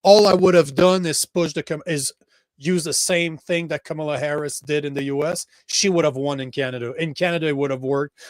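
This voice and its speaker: French-accented guy ranting about politics, kinda high voice, swears, keeps restarting. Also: dry recording, clean studio sound. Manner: heated, swears, many restarts. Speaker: podcast host. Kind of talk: casual political chat.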